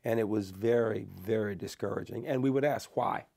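A man's voice: fairly low pitch, a little fast, gravelly. An older man, telling a personal story in an interview. He speaks earnestly and lifts his voice to stress points before dropping back down. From Alabama, USA. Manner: earnest and animated, lifts his voice for emphasis then drops it.

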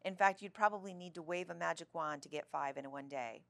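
A teasing, skeptical boy, read by a woman from a storybook. He sounds dry and a little mocking. The voice carries a gravelly grain. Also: lowish voice, brisk.

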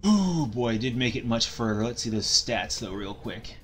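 A man's voice: medium pitch, lively intonation, normal speed, fairly bright tone, soft background music. Casual male game streamer, stammering. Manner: casual, stammers and fills with ums. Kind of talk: live gameplay commentary.

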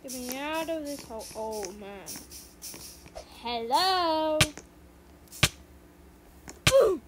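A woman giving excitable gameplay commentary, often repeating panicked exclamations. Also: a little high, normal speed. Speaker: gamer. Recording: loud background noise.

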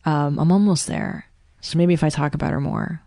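A woman's voice: deep voice, animated, normal speed, vocal fry, mellow, no echo, studio quality. A woman who is a podcast guest, talking candidly and with animation in casual conversation and laughing often.

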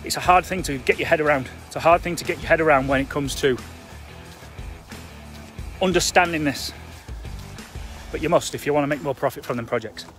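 A construction trainer gives property investors a blunt, emphatic coaching talk on a live stream, chatty and full of fillers. His voice is a little high and fairly bright, fairly quick but with long pauses, over soft background music.

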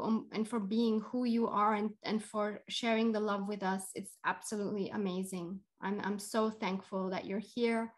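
Earnest, emotional woman podcast host. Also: fairly high pitch. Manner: earnest, emotional, many restarts. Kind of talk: heartfelt casual chat.

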